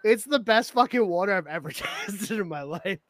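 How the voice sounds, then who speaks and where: A man co-hosting a podcast in casual chat, animated, swearing and laughing often. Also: high-pitched, normal speed, no echo. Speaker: podcast co-host.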